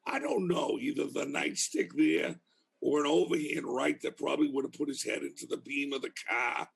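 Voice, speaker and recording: A man's voice: fairly high pitch, moderate pace, gravelly, husky. A man in his fifties with a Boston accent, a criminal justice professor speaking as a podcast guest in a blunt, anecdotal way. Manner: blunt, anecdotal, restarts phrases often. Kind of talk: casual podcast conversation.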